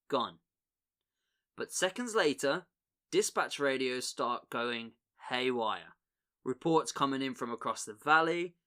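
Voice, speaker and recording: A man hosting a comedy podcast, jokey and energetic, with dramatic storytelling pauses. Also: mid-range voice. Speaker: podcast host.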